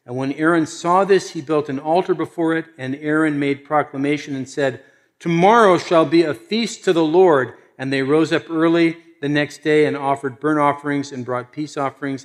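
A man preaching a sermon and reading scripture aloud, swinging between loud emphasis and hushed asides. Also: mid-range voice, fairly even intonation, normal speed. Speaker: pastor.

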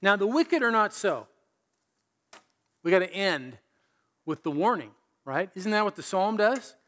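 A man preaching a sermon in an animated, conversational way, full of rhetorical questions. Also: sits high, a little slow. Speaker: pastor.

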